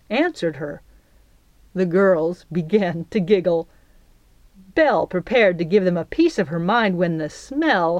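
Woman, audiobook narrator, calm even storytelling, dry close recording. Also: lowish voice, dry recording, highs cut off.

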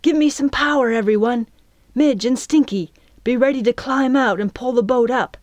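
A woman voicing a cautious young girl who speaks in hushed, steady tones. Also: fairly low pitch, a little fast, no echo, lo-fi sound, close to an everyday voice. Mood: urging. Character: cautious girl steering the boat.

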